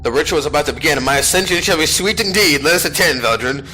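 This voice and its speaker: Haughty bossy priestess lady, bright voice, man reading her. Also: on the high side, animated, quick pace, poor audio. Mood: commanding. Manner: haughty, commanding. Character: scheming proud dark elf priestess woman. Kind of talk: reading game dialogue aloud.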